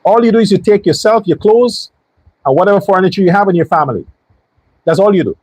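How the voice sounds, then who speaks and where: A man's voice: sits high, quick pace, a little mellow, husky, no room sound, low-quality recording. A man hosting a political commentary show, talking in a heated, blunt and profane way and firing off repeated rhetorical questions. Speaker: show host.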